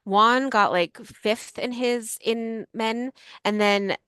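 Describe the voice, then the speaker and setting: A woman's voice: a little high, bright, forceful tone, clear, resonant tone, dry recording. A woman in her forties co-hosting a podcast, telling rambling stories in casual chat. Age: 40s. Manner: fast, rambling storyteller. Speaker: podcast co-host. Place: Yucca Valley.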